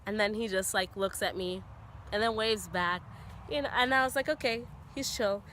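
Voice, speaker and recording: A woman's voice: mid-range voice, normal speed, slight background noise. A young woman tells a story outdoors in a forest, recorded on a camera on a tripod. She talks casually and fills her sentences with "you know" and "like", and her voice rises as the story builds. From Canada. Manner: chatty, heavy on "you know" and "like"; animated, voice rising as the story builds. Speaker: vlogger telling a story.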